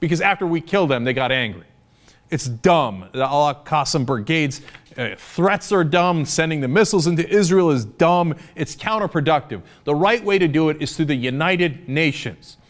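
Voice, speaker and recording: A man's voice: fairly high pitch, lively intonation, moderate pace. A man giving impassioned, sarcastic political commentary, arguing his point hard. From United States.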